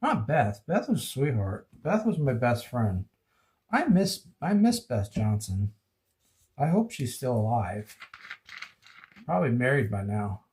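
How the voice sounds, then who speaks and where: A man's voice: mid-range voice, very animated, measured pace, a little mellow. A man speaking into his phone in an emotional personal vlog, rambling and repeating himself as he vents about his relationships. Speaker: vlogger.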